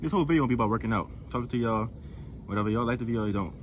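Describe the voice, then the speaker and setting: A man's voice: mid-range voice, racing, slight background noise. A young man, a truck driver, chatting casually to his viewers while working out outdoors in a truck parking lot, out of breath, slangy and rambling, laughing at himself. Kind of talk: casual workout vlog chat.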